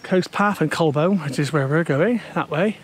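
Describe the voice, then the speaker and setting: A man's voice: fairly high pitch, normal speed, a little hiss or hum. A man chatting casually to camera while hiking a steep coastal path, a little out of breath. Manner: chatty, out of breath on uphill walk. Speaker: walking vlogger. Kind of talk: casual walking commentary. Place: outdoors on a windy coastal footpath.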